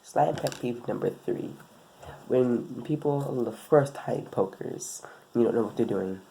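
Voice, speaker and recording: Brief: young girl, very low dark gravelly voice, dramatic, faint hiss. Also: a little slow, rough recording. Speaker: co-host. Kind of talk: playful skit chat.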